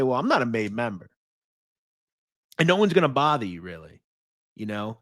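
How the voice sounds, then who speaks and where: American man, podcast host on a live stream, pitch a touch high and all over the place, blunt and profane, dry close mic. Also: no echo. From United States. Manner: animated, profane, quick swings between explaining and taunting. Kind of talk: live-stream commentary, answering chat.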